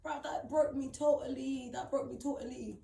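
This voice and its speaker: A woman's voice: high-pitched, fairly even intonation, normal speed, vocal fry, mellow. A young woman telling her own painful story, tearful and upset, rambling and repeating herself with emphatic slang. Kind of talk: emotional personal testimony. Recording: roomy, mic at a distance.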